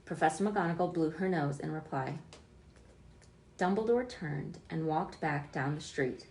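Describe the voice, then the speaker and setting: A woman reading a children's book aloud, expressive, with small slips she corrects. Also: low voice, measured pace, vocal fry, reverberant, a little hiss or hum. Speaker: storyteller.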